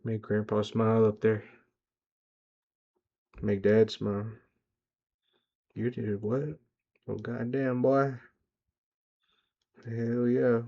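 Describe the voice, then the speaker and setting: A young man with a gravelly, low voice that stays flat and warm as he rambles. He swears freely and pumps himself up in a casual vlog monologue. The sound is dull and lo-fi, recorded in a car. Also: slow pace, pauses often. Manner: rambling, profane, self-hyping. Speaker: vlogger.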